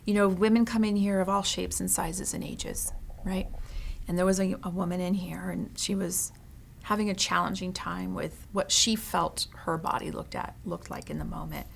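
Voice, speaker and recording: An earnest woman talks as an interview guest about her store, often checking in with "you know?" and "right?". Her voice sits low, with a gravelly edge of vocal fry running through it. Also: steady tone, moderate pace, a little hiss or hum. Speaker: consignment store owner, guest. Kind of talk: heartfelt interview talk.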